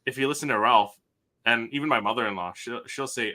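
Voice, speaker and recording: A man's voice: mid-range voice, a little fast, pushed and bright. A man with a slight Canadian accent co-hosting a podcast in easygoing casual chat. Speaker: podcast co-host.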